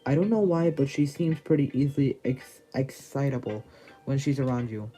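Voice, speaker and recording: A man's voice: medium pitch, normal speed, mellow, faint music behind, natural voice, rough recording. Give me a man playing a composed, controlling club leader girl from a visual novel. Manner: reads game dialogue aloud with stumbles. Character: confident club president girl, calm and controlling.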